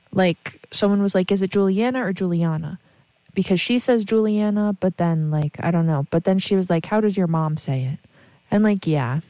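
A woman's voice: medium pitch, a little mellow, no echo. A young woman hosting a casual radio show, chatting in a rambling way with many fillers and asides between songs. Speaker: radio host.

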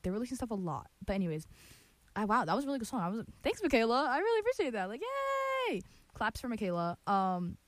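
A woman's voice: medium pitch, no echo. Bubbly young woman radio host rambling between songs, dry close sound. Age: young adult. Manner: chatty, filler-heavy, bubbly. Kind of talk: casual music show chat.

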